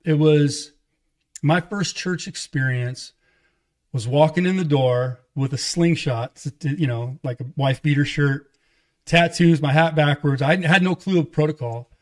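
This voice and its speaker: A middle-aged man, an evangelist, telling his life story in casual conversation, animated and acting out quoted dialogue. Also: fairly high pitch, measured pace. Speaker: guest, evangelist and pastor.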